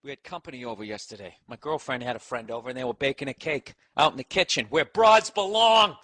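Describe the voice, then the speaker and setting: A man's voice: medium pitch, fast, pushed and bright, dry recording. Profane sarcastic man ranting, dry close mic. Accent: Boston. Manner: profane, sarcastic, talks to his dog. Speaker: comedian podcast host. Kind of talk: casual rambling rant. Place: home office.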